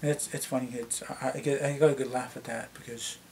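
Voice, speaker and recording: A middle-aged man with a Canadian accent and a slightly deep voice, chatting casually to camera and rambling with many restarts. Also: steady tone, a little fast, creaky, darkish tone, slight background noise. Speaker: vlogger.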